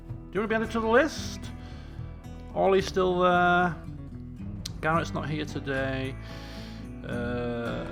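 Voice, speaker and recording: A streamer gives casual live commentary on a game, thinking aloud and chatting with his viewers. His voice is gravelly and sits somewhat high for a man, with faint music behind him.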